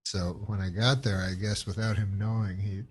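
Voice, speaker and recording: A man's voice: on the low side, flat delivery, moderate pace, slightly rough. A man with a Canadian accent telling a meandering story as a comedy guest, in a dry delivery broken by chuckles and hesitations. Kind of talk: rambling anecdotal storytelling.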